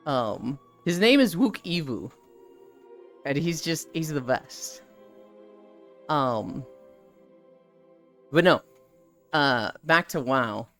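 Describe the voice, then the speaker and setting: Animated, swearing live-streamer. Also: mid-range voice, very slow, long pauses, faint music behind. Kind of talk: casual live-stream chat.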